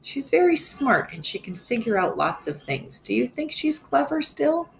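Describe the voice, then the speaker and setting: Here the teacher's voice is high-pitched and creaky, with a little background hiss or hum. She reads a story aloud to young children at an unhurried, expressive pace, quizzing them as she goes.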